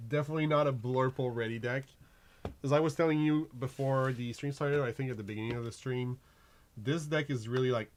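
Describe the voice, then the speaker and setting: A man's voice: mid-range voice, slight background noise. A middle-aged man co-hosting a card game stream, chatting casually, laughing easily and narrating his plays. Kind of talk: casual chat while playing a card game.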